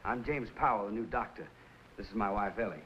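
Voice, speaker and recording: An actor playing a friendly, good-humored country doctor with a Southern accent, speaking in an easygoing folksy drawl in 1950s TV western style. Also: male voice, lowish voice, brisk, slight background noise, natural voice. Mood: calm. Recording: dull old TV soundtrack with music.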